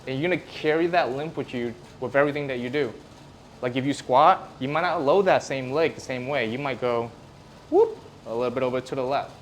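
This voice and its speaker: A man's voice: mid-range voice, fairly quick, a little hiss or hum. A man, a physical therapist, presenting casually to a live audience in a room and acting out examples as he explains. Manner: casual, conversational, acts out examples.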